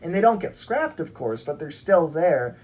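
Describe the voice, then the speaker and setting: A woman's voice: deep voice, sing-song, normal speed, darkish tone, breathy edge. A young woman co-hosting a podcast, chatting casually with lots of fillers and restarts. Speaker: podcast co-host. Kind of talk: casual fan chat.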